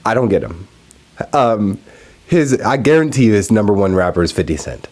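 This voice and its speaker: A man's voice: lowish voice, normal speed. A young man in his twenties from Texas, hosting a casual solo podcast, ranting with lots of swearing and laughing often. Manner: profane, animated, laughs often. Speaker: podcast host.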